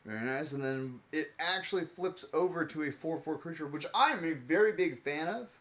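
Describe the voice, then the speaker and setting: Male streamer, young adult, fairly high voice, very animated delivery, jokey with frequent laughs. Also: moderate pace. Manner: jokey, laughs often, plays with mock accents. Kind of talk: casual stream chat while sorting cards.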